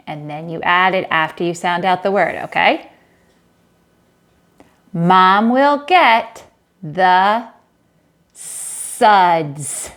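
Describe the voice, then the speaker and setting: A woman reading a children's book aloud in a lesson, saying each line slowly and clearly, then quickly and softly prompting the child to read along and praising them. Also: lowish voice. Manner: encouraging, asks simple questions. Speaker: teacher reading with a young child.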